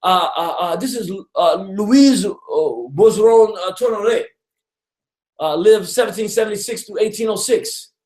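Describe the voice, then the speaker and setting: A man hosting a casual radio talk on history, an animated storyteller who chuckles often and acts out quotes. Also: sits high, a little slow, echoey room. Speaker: radio show host.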